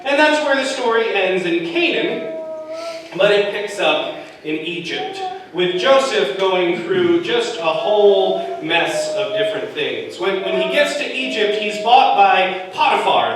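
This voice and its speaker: A man preaching a sermon, telling a Bible story in a casual, joking way with quick asides. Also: sits high, expressive. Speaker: pastor. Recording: echoey room, far from the mic, noisy.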